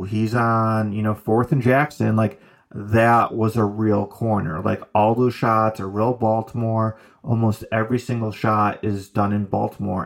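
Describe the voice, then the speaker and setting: A man co-hosting a podcast, talking casually and rambling with lots of "like" and "you know". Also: fairly low pitch. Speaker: podcast co-host. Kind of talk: casual chat.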